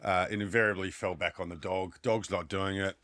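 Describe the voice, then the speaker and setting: A man's voice: low voice, fairly even intonation, a little fast, fairly bright tone. A middle-aged Australian man with an Australian accent, telling his story as a podcast guest with dry humour. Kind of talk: casual chat.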